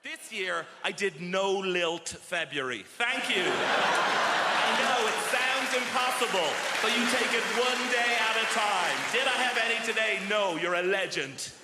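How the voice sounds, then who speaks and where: Male stand-up comic, high voice, wry self-mocking storyteller, echoey theatre. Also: unhurried, very noisy. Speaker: stand-up comedian. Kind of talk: stand-up routine. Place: large theatre stage. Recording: echoey hall with loud audience laughter. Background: roaring crowd laughter.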